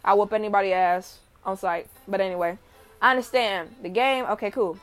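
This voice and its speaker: A young woman in a casual, animated rant to camera, often rising to near shouting when heated. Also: mid-range voice, fairly quick, soft background music. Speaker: vlogger.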